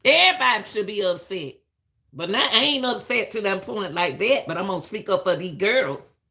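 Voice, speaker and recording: A middle-aged woman, talking in a bright, forceful voice. She gives live-stream commentary in an emphatic, preachy way and hammers her points home by saying them again. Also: medium pitch, expressive, moderate pace. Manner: emphatic and preachy, repeats lines for stress.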